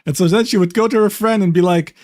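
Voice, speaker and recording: A man's voice: high voice, fast talker, darkish tone, no echo, clean studio sound. A man streaming and reading private messages aloud, talking casually, swearing freely and laughing often.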